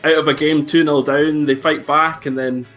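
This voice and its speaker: A man, a guest on a casual live-streamed football chat, upbeat and halting, full of fillers. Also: on the high side, little pitch movement, fairly bright tone, faint music behind. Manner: upbeat, hesitant, many fillers and restarts. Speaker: guest pundit.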